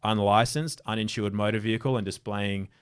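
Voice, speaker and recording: A man's voice: fairly low pitch, steady tone, brisk, smooth. An Australian man, an interview guest, telling casual stories in a rambling way with many restarts. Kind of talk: casual storytelling.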